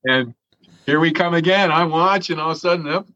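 A man's voice: on the high side, bright, forceful tone, lo-fi sound. A man telling a long story in an interview, swearing freely and chuckling as he goes. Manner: profane, chuckling, drawn-out storyteller. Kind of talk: casual storytelling.

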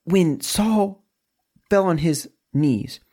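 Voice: mid-range voice, extremely slow, dark tone. A preacher giving a conversational sermon in an informal, casual way, often repeating words and slipping into slang.

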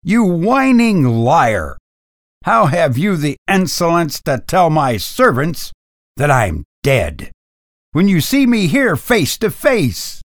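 A man's voice: fairly high pitch, very animated, unhurried, dry recording, clean studio sound. A man reading aloud, voicing a proud young master of a house who talks sternly and indignantly. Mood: furious.

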